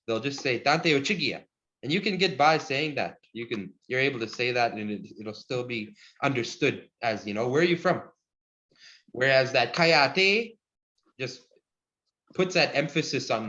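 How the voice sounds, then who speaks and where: A man's voice: mid-range voice, a bit bright. Friendly man teaching over video call. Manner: friendly and encouraging, chuckles often, slows down to model words. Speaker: Cree language teacher. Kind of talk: online language class over video call. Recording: dull lo-fi video call audio.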